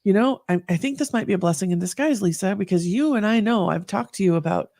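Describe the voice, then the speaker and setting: Earnest woman with a gravelly edge. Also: medium pitch, fast talker, no echo, studio quality. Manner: earnest, animated storyteller. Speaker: guest. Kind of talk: candid conversation.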